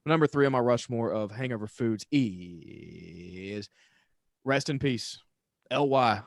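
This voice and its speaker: A man's voice: mid-range voice, slow pace, vocal fry, dry recording, clean studio sound. A man co-hosting a casual podcast chat in a laid-back, rambling way with lots of swearing. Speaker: podcast co-host.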